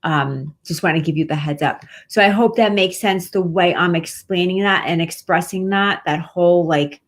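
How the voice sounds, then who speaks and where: A woman with a fairly low voice hosts a live stream as a pet medium. She talks casually and reassuringly, meandering through fillers and restarts. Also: normal speed. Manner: warm-hearted, reassuring, rambling with many fillers.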